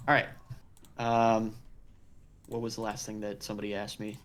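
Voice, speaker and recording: Man game master, deadpan. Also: on the low side, moderate pace. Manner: deadpan, wry descriptions. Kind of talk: narrating a tabletop game.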